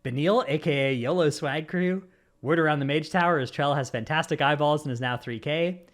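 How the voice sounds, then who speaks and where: A man's voice: on the high side, fairly quick, fairly bright tone. A man hosting a casual gaming podcast, reading lists of supporter names with running jokes. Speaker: podcast host.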